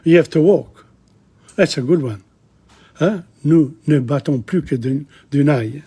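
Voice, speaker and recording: A man with a fairly high, dark voice and a breathy edge teaches a language lesson. He reads a dialogue line by line and translates it, chatty and halting, with frequent asides.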